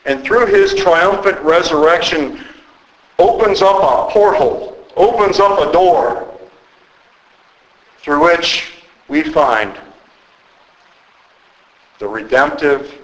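A man preaching a sermon as pastor, slow and emphatic with dramatic pauses. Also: fairly high pitch, expressive, roomy sound, low-quality recording.

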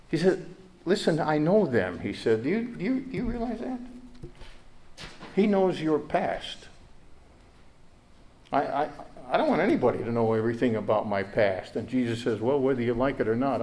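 A man's voice: medium pitch, darkish tone. Earnest male pastor preaching a sermon. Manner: earnest, repeats words, rises to emphatic peaks.

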